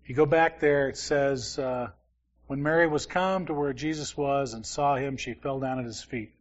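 A man's voice: mid-range voice, normal speed, muffled recording. A man teaching a Bible study in a conversational way, often asking his listeners questions and reading from scripture. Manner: conversational, asks the class questions.

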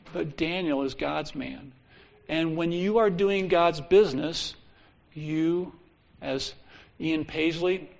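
Gravelly-voiced preacher reading scripture. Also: male voice, fairly high pitch. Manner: reads scripture slowly and solemnly, then comments casually. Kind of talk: Bible teaching sermon. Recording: dull lo-fi recording.

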